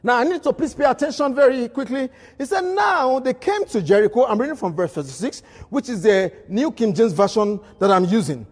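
A male pastor preaching a midweek sermon with emphatic, repeated phrases and bursts of shouting in a church hall. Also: very high voice, sing-song, a little fast, hardly any pauses. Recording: long reverb of a large hall.

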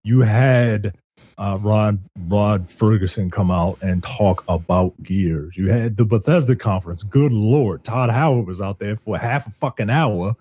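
A middle-aged man co-hosting a casual podcast, joking and mock-scolding in a lively way. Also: lowish voice, unhurried, breathy edge. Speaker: podcast co-host.

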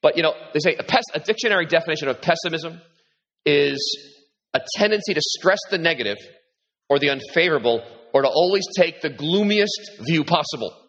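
Husky guy preaching, fairly high voice, big echoey hall. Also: fairly quick. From New York. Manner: animated, repeats words, rises in pitch when quoting Jesus. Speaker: pastor. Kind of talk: sermon. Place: large hall with congregation. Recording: echoey hall, dull sound.

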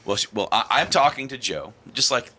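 Rambling storyteller man, bright and lively. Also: medium pitch, fairly quick, slight background noise. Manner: rambling storyteller, animated, laughs while acting out quotes. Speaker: podcast co-host telling a story. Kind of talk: casual chat.

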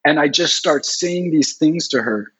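A man telling a long personal story in an animated, rambling way, full of "like" fillers. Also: a little high, unhurried, slightly rough. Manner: rambling, heavy use of "like" fillers. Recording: dull lo-fi recording.

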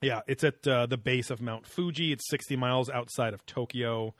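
A man's voice: medium pitch, normal speed, dry recording, studio quality. A man co-hosting a podcast in casual, crude banter, joking and laughing often between rambling asides. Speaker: podcast co-host.

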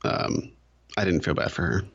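A man co-hosting a podcast, talking quickly in a flat, dismissive way. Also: low voice, gravelly, slightly rough, lo-fi sound. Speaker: podcast co-host. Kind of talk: casual recap chat.

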